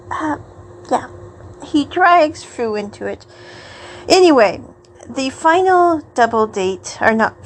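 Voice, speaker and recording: Woman podcast host, casual recap, rambling and giggly, pitched a bit high. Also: slight background noise, rough recording. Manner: chatty and rambling, often laughs mid-sentence.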